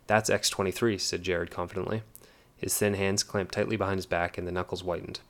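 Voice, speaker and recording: Reading an audiobook, this man keeps his delivery steady and measured. The pitch is very low and barely moves up or down.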